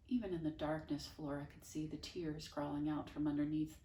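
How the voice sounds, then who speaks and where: A woman teacher reading a children's novel aloud, expressive with wry, dry asides. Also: sits low, fairly quick, few pauses. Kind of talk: storybook read-aloud. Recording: echoey room, voice from far off.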